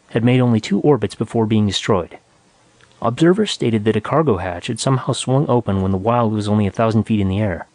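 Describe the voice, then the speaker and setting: A man narrating a science fiction story in a measured, even reading. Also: lowish voice, no echo. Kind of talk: scripted audiobook narration.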